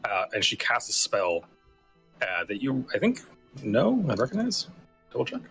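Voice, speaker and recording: A man's voice: medium pitch, huge pitch swings, normal speed, vocal fry, a bit bright, faint music behind, poor audio. A man narrating as game master of a tabletop game, in a casual way with lots of fillers and restarts.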